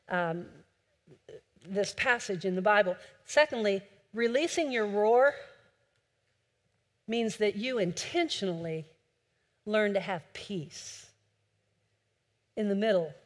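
A woman preaching a sermon with impassioned delivery, swinging between loud urging and a soft hush. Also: mid-range voice, a little slow, long pauses. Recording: long hall reverb.

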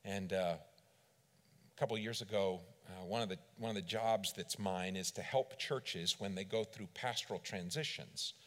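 A middle-aged man preaching a sermon as a church district superintendent, telling stories and swinging between loud emphasis and quiet asides. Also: deep voice. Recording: long reverb of a large hall.

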